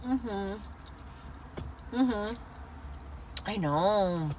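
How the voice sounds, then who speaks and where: A young woman hosting a casual livestream, chatting to viewers and telling stories in an animated way. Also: medium pitch, drawn-out words, slight background noise, rough recording. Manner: chatty, animated storytelling, calls viewers girl. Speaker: livestream host.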